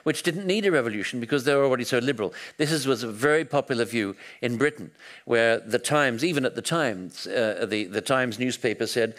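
A man lecturing on history in a storytelling manner, with a mid-range voice that often doubles back and restarts mid-sentence. He speaks at a moderate, unhurried pitch, as if thinking aloud for an audience. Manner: animated storytelling with frequent restarts and hesitations. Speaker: historian giving a talk.

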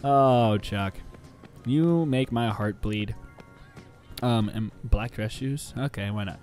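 A man's voice: mid-range voice, slow, darkish tone. A man giving casual, rambling, jokey let's play commentary, often talking back to the game. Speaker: gameplay commentator. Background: game music.

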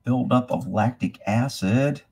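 A man's voice: medium pitch, unhurried, darkish tone. A man hosting a live stream about horses, ranting bluntly and swearing freely, then reading viewer comments aloud. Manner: reads viewer comments aloud between rants. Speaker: livestream host answering horse questions. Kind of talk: casual live-stream rant.

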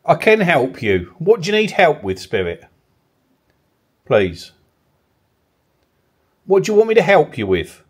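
Male ghost-hunt host, animated delivery, uneasy coaxing questions, old mill cellar. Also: on the high side, a little slow, pauses often, slightly rough. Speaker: paranormal investigator host. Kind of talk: ghost-hunt vlog, calling out to spirits.

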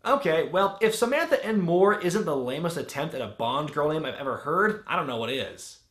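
A man's voice: on the high side, expressive, moderate pace, fairly bright tone. A man hosting a comedic movie review, narrating in a sarcastic, wisecracking way. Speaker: host. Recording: roomy with music bed.

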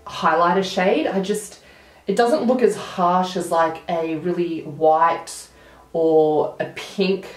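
A woman's voice: fairly low pitch, roomy sound. Chatty woman with a blocked nose. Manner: chatty, narrating each step as she works. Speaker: beauty vlogger. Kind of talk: makeup tutorial talk.

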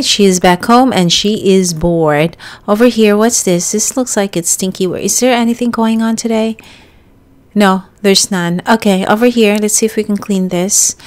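A young woman giving casual let's-play commentary, chatting to her character and viewers and bursting into excited yelps. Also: mid-range voice. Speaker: gaming YouTuber.

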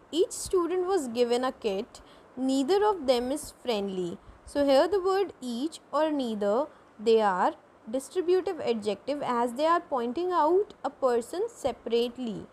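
Woman teacher, high voice, patient grammar explainer. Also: rough recording. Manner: slow explanatory, asks and answers own questions. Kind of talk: grammar lesson.

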